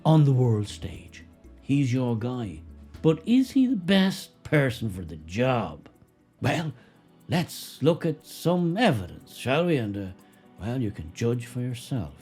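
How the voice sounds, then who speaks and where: A man's voice: medium pitch, sing-song, takes it slowly, darkish tone, husky, soft background music. A man giving sarcastic political commentary in a mocking, emphatic way. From Ireland.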